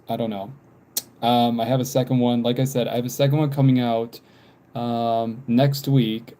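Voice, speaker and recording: A man's voice: mid-range voice, warm tone. A man in his twenties from America, chatting casually and rambling while he doodles on a livestream. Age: 20s. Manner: rambling, repeats himself, frequent ums. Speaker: livestream drawing vlogger. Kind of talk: casual chat while drawing.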